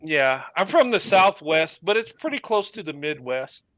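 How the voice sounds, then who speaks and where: Bright-toned high-voiced man from New Mexico. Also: sing-song, dry recording. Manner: halting, repeats words while searching for them. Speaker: chat participant. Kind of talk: casual chat.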